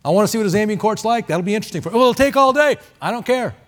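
A man preaching a sermon as a missionary, telling stories in a chatty, animated way with many fillers. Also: sits high, racing. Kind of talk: sermon with storytelling. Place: church sanctuary.

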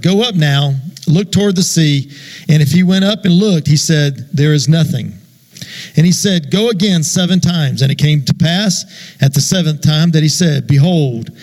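A man's voice: on the high side, a little mellow. A man preaching a church sermon in a folksy, loose way, with fillers and amens. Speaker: guest preacher. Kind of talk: sermon with a told joke. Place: church sanctuary.

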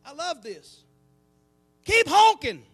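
A man preaching a sermon to his church, animated, breaking into asides and calling out to the congregation. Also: very high-pitched, slow, soft background music. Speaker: pastor. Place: church sanctuary.

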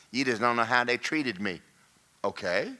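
A male pastor preaching a sermon, swinging from folksy joking asides to shouted, singsong climaxes. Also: medium pitch.

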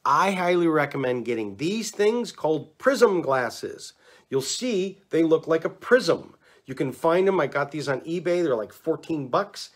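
A man giving relaxed, chatty instructions on neck exercises, talking to the camera and demonstrating as he goes. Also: fairly high pitch, unhurried. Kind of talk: casual instructional talk to camera.

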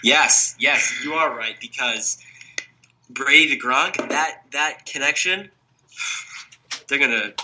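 A young man with a very bright, sharp voice, a little sick, co-hosting a casual sports podcast. He rambles and restarts his sentences, piling on "like". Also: medium pitch, takes it slowly, pauses often, a little hiss or hum. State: sick, may cough. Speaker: podcast co-host.

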